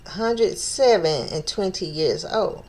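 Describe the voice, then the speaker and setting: A woman's voice: fairly low pitch, expressive, slow pace, darkish tone. A woman leading an informal Bible study, reading scripture aloud and stopping to think aloud about it, stumbling over old names and repeating phrases as she works things out.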